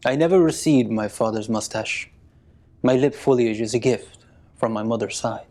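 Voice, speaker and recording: A man in a deadpan comic interview who asks his questions with prim, formal phrasing. His voice sits in an ordinary middle pitch. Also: normal speed.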